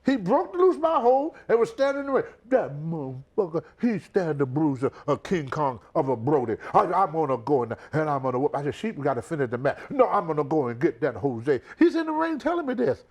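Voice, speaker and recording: With a voice on the high side, this older American man talks a little fast and hardly pauses. He's a retired wrestler telling a story in a shoot interview, animated, repeating words and acting out others.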